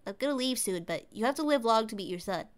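Woman doing a sweet-voiced young tomcat, earnest and lonely, little high. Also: lively intonation, fast talker, close to an everyday voice. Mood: pleading. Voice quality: cutesy. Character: young male stray cat, tough but lonely.

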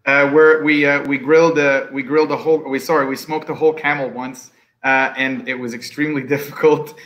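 A man speaking as a pitmaster guest in a casual panel discussion, telling stories in an animated, chatty way. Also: mid-range voice, brisk, lo-fi sound. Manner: animated storyteller, warm and chatty.

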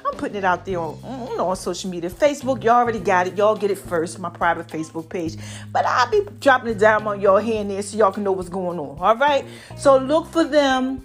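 A woman hosting her own podcast, talking in an animated, drawn-out style full of "baby" and "y'all", her voice a little strained from allergies. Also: medium pitch, faint music behind. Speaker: podcast host. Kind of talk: solo podcast talk.

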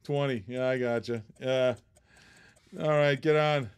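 A man's voice: mid-range voice, fairly even intonation, measured pace, clean tone. A man hosting a live-stream auction in casual chat, laughing often and teasing the bidders.

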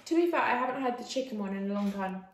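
A bubbly young woman chats away between bites, her voice sitting at an ordinary middle pitch. The room around her rings with a clear echo, and a faint hiss sits underneath. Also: animated, very fast. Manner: chatty, bubbly, eating with mouth full. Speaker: co-host. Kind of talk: casual chat while eating. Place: indoor room, seated at a table. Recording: echoey room.

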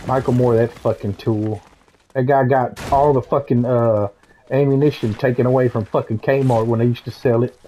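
A man's voice: mid-range voice, fairly even intonation, moderate pace, dark tone, slight background noise, rough recording. Joking, crude male gamer. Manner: crude, joking banter with friends. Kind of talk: casual chat while gaming.

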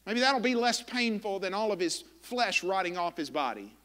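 A man preaching a sermon as pastor, impassioned and emphatic, with dramatic pauses. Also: high-pitched, big pitch swings, a bit bright, big-room sound. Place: church sanctuary.

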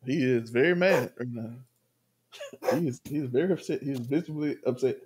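A man's voice: mid-range voice, a little fast, a little mellow, slight background noise. A man co-hosting a casual TV review chat, joking and laughing often. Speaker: podcast co-host.

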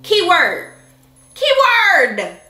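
Sassy high-voiced woman vlogger. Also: wildly swooping pitch, extremely slow, bright, forceful tone. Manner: sassy, talks straight to viewers. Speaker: reaction vlogger. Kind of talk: animated reaction vlog. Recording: echoey room with faint music.

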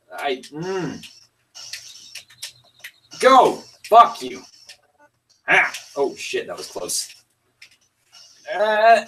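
A man livestreaming a fighting game, swearing and yelling outbursts between muttered comments. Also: high-pitched, recorded from a distance, a little hiss or hum.

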